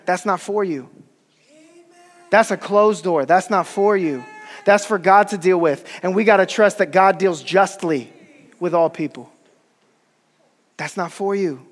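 A man's voice: high voice, a little slow, pauses often. A man preaching a sermon in a casual, slangy, earnest way. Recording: long hall reverb.

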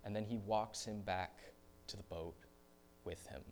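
A young male pastor with a low-pitched voice delivers a storytelling sermon in a church. He moves from quiet, confessional passages into loud, animated retellings. A faint hum sits underneath the recording. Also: measured pace. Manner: storytelling, swings from hushed to loud animated bursts.

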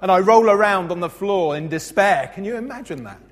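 A man in his thirties preaching a sermon as pastor, expressive and playful, acting out voices in his stories. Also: high-pitched, fast talker, hardly any pauses. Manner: expressive, acts out funny voices in anecdotes. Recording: long hall reverb.

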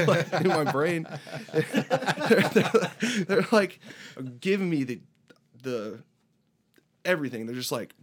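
A man telling a story in casual chat as a musician guest, animated and acting out the people in it. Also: moderate pace. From United States. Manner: animated anecdote teller, voices border guards with raised pitch.

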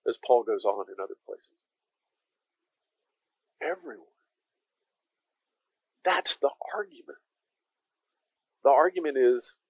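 A man's voice: medium pitch, animated, takes it slowly, pauses often, husky, no echo, poor audio. A man preaching a conversational sermon as pastor, emphatic and speaking directly to his listeners.

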